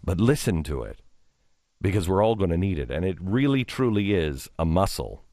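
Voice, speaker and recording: A middle-aged man hosting a radio talk show, telling a story in a rambling, halting way with many restarts. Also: sing-song, mellow, no room sound, studio quality. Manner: rambling, halting with many restarts, drops low for quoted asides. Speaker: radio host. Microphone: studio microphone.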